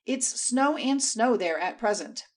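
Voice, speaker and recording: A kindly elderly uncle, put on by a woman reader in a storybook, speaking low and hushed. His tone is fatherly and indulgent, a doting old man with a jealous streak. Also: expressive, a little slow. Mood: gentle, indulgent.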